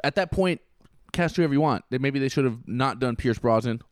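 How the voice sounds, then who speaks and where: A man's voice: mid-range voice, brisk, smooth, dry recording, clean studio sound. A young man co-hosting a casual podcast, rambling with many restarts and the odd swear word. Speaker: podcast co-host.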